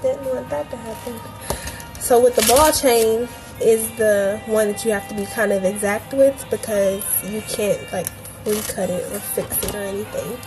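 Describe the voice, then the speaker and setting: A young woman from Cleveland who grew up in Atlanta, a bit hoarse, hosting a casual craft tutorial livestream and chatting loosely with her viewers. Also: mid-range voice, steady tone, moderate pace, music in the background, low-quality recording. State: a bit hoarse, feels she is losing her voice.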